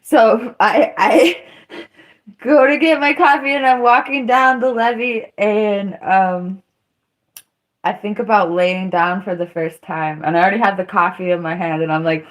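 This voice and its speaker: A woman chats on her livestream in a slow, easygoing drawl. She rambles through a story, laughs often, and stops to answer her viewers' comments. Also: medium pitch, steady tone. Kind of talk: casual livestream chat.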